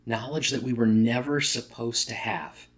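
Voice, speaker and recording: A pastor preaching a sermon in a conversational way, sometimes correcting himself mid-word and acting out quoted lines. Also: male voice, medium pitch, fairly even intonation, moderate pace.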